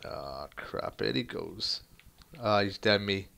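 A young man commentating his own football video game match, excitable and crude, muttering one moment and shouting the next. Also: on the low side, takes it slowly, creaky. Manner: crude banter. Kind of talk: live gameplay commentary.

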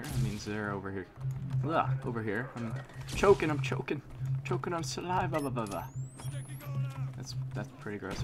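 Goofy young man commenting on gameplay. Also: mid-range voice. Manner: playful, goofy, talks to himself and opponents. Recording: noisy game audio behind. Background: game gunfire and explosions.

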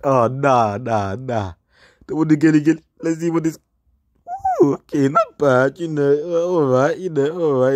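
A man reacting casually to pictures, repeating words, squealing high greetings and shouting refusals. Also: slight background noise. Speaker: YouTube reaction host.

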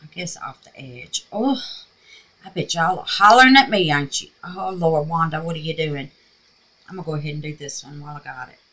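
Southern woman, scratchy husky voice, bright tone, casual crafting chat, talks to herself. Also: low voice, animated, a little fast. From Mississippi, USA. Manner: chatty, talks to herself and calls viewers babies. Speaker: craft vlogger. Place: home craft room with air purifier.

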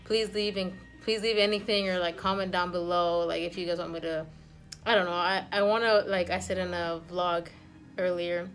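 A woman's voice: fairly low pitch, little pitch movement, normal speed, fairly bright tone. Chatty young woman vlogging, rambling. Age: 20s. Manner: rambling, chatty, laughs easily. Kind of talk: casual vlog chat.

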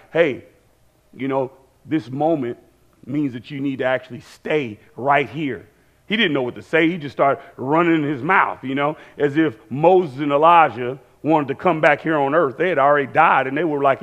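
A man preaching a sermon in a church, animated and conversational, acting out quoted voices and repeating phrases. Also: a little high.

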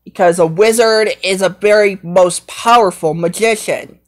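A woman's voice: mid-range voice, measured pace, lightly acted. A woman voicing a brave, brooding young male lion in an amateur fan role-play, rambling and hesitant. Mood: earnest.

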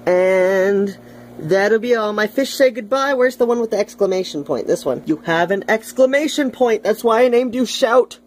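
A woman's voice: medium pitch, expressive, moderate pace, darkish tone, a little hiss or hum. A woman vlogging casually at home, playfully chatting to her aquarium fish. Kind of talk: casual vlog tour.

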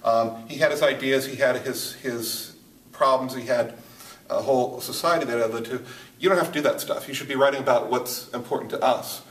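A man's voice: medium pitch, brisk, fairly bright tone. A man teaching a poetry lesson at a board, thinking aloud with many restarts and fillers. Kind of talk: whiteboard lesson. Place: room with a board. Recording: roomy, from a distance.

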